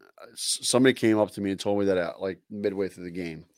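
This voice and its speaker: A man's voice: sits low, fast talker. A man co-hosting a casual sports podcast, laid-back, using fillers as he reels off stats and rumors. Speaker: podcast co-host.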